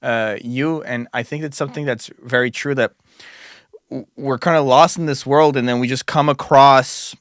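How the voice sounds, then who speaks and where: A man hosting a music podcast, asking a guest earnest, slightly halting questions. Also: mid-range voice, fairly even intonation, a bit bright, dry recording, studio quality. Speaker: podcast host. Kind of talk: interview questions.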